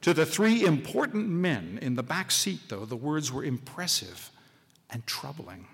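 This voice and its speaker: A man giving a live stage reading of a short story, expressive and dry, in a large public hall. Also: fairly high pitch, measured pace, vocal fry, slightly rough. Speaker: story reader. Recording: live hall, long reverb.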